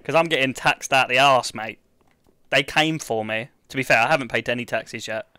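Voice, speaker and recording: A man's voice: medium pitch, normal speed, sharp tone, smooth, no echo. A young British man, feeling sick, chatting casually with his live-stream chat while gaming, joking and reading out comments. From United Kingdom. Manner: joking, banter with chat, reads comments aloud.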